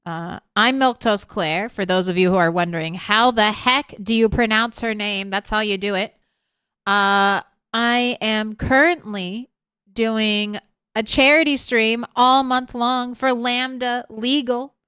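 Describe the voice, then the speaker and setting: Smooth-voiced woman streamer chatting. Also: on the high side, fairly even intonation, a little slow, sharp tone, no echo, studio quality. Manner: chatty, talks straight to chat. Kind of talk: casual live-stream chat.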